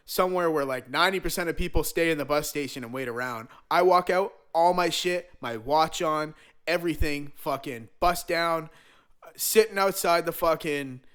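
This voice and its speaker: A man's voice: on the high side, fairly bright tone, clear, resonant tone. A man from Canada telling a long road-trip story in a casual podcast chat, rambling and profane, heavy on slang.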